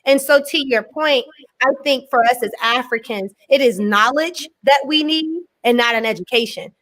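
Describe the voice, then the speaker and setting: A woman's voice: high voice, normal speed, a bit bright. An American woman scholar speaking in an interview, emphatic, building points with repeated phrases and "right?". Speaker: guest scholar. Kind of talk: conversational interview.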